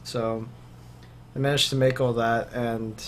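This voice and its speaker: Young male podcast co-host, casual and rambling, mid-pitched, faint noise behind. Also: flat delivery, unhurried. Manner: loose and rambling, many fillers. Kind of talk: casual chat.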